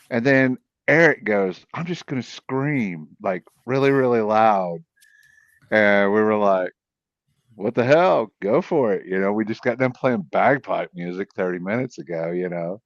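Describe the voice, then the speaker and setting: Male guest, lowish voice, rambling animated storyteller; dull dry lo-fi sound. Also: dry recording. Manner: rambling, animated, many restarts. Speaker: podcast guest, cryptid investigator. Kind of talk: casual storytelling.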